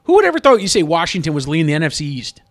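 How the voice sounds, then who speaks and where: A man's voice: a little high, huge pitch swings, racing. A man venting in a casual sports vlog, rambling and frustrated, with many restarts. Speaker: sports fan vlogger.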